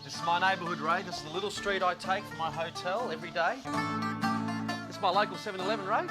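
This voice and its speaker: A man's voice: sits high, fast. An Australian comedian chatting casually and jokily on location outdoors, teasing his companions. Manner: jokey, animated, teasing. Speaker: comedian and actor. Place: outdoors on a windy island. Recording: location audio with music over it.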